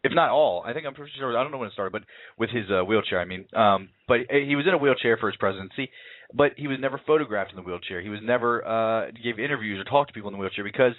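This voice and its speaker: A man's voice: mid-range voice, fast, dry recording. A man talking casually about a film he saw, rambling with many fillers and restarts. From United States. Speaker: film reviewer. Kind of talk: casual film review chat. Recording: tinny phone-like line.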